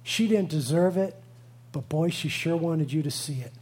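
A man's voice: a little high, normal speed, darkish tone, breathy edge. A man in his thirties, a pastor preaching a sermon, telling a family story with playful asides and earnest conviction.

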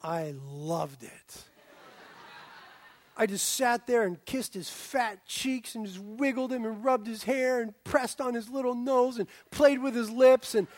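A man preaching a sermon as a pastor, animated and swinging from loud exclaiming to a hushed near-whisper. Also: extremely high pitch, normal speed, few pauses, no echo. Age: young adult.

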